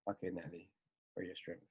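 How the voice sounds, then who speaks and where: A man coaching traders on a video call, talking in an animated, emphatic way and repeating himself for effect. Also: sits low, breathy edge, lo-fi sound. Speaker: trading coach.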